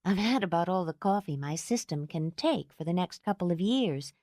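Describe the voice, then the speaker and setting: A woman doing a tired, gentle young mother. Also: lowish voice, moderate pace, no room sound, clean studio sound, close to an everyday voice. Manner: tired, calm, earnest.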